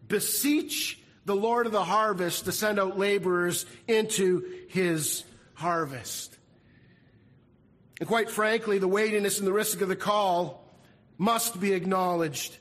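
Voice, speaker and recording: A man's voice: sits high, fairly bright tone, long reverb tail. A man preaching a sermon as pastor, earnest and repeating his key phrases. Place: church sanctuary.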